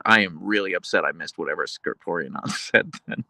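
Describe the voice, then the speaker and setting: Male streamer, chatty rambler, animated intonation, dry close sound. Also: on the low side, brisk, dry recording. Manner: rambling and chatty, with many fillers and self-corrections. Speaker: livestream host reading chat. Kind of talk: casual livestream chat.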